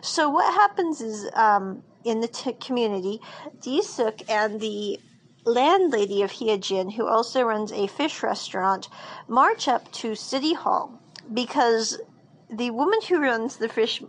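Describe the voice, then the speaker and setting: A woman's voice: on the high side, animated, unhurried, rough recording. Chatty woman recapping a drama episode. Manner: chatty, rambling with frequent fillers and restarts.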